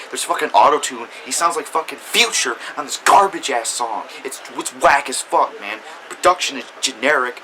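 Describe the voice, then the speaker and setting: Profane, bright-voiced ranting man. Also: medium pitch, slight background noise, low-quality recording. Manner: blunt, swears constantly. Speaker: music reviewer, channel host.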